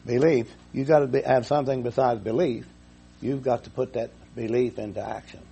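A man's voice: medium pitch, steady tone, brisk, creaky, warm tone, breathy edge. A man preaching a folksy sermon to his congregation, repeating himself and telling a homespun story. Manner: folksy, repetitive, chuckles at own jokes.

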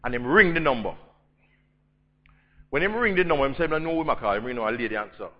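A man with a Jamaican accent preaching a storytelling sermon, swinging between loud emphasis and hushed intensity. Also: mid-range voice, animated, brisk, muffled recording.

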